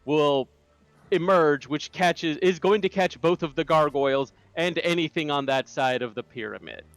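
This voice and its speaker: A man playing a tabletop game, describing his character's spell in halting, filler-heavy bursts that turn vivid. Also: fairly high pitch, no echo. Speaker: player.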